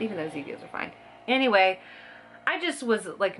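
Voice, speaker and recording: A woman's voice: medium pitch, very animated, brisk, fairly bright tone, a little hiss or hum. A woman in her thirties chatting casually to camera as a vlogger, talking in a scattered way with fillers and laughs. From Scottish heritage.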